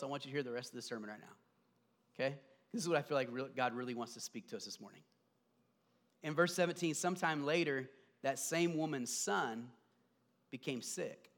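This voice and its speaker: A male pastor preaching a sermon, swinging from hushed, low passages to loud, emphatic calls. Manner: acts out quoted voices while retelling a story.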